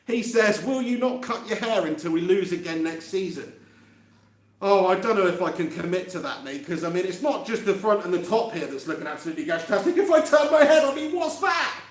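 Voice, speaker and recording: Laughing often and reading viewer comments aloud, a fan channel host chats casually during a live fan reaction stream. His voice is high-pitched and fairly quick, picked up by a handheld mic near his face in an empty room that makes the recording echo.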